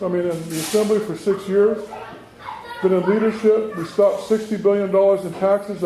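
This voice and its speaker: A politician giving a campaign stump speech to residents, telling stories and acting out the quoted dialogue. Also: male voice, high-pitched, warm tone. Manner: storytelling, acts out quoted dialogue. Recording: roomy hall, faint background noise.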